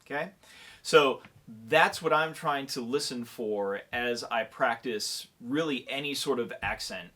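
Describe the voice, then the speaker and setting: A man's voice: mid-range voice, a little slow, bright, forceful tone. A man giving a percussion lesson who counts beats aloud and keeps checking in with the listener. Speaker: percussion clinician. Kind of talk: instructional demonstration.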